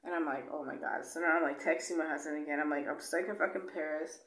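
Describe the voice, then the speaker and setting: Low gravelly woman in an echoey room. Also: fairly even intonation, fast, a bit bright. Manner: blunt, swears freely, lots of "like" and "you know"; acts out dialogue when retelling. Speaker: vlogger. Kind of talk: casual travel storytelling.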